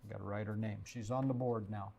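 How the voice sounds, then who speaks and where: A man's voice: fairly low pitch, fairly even intonation, creaky, mellow. Man stumbling through trivia questions. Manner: reads haltingly, stumbles over words, jokey asides. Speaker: co-host reading trivia questions. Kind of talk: reading trivia on a livestream.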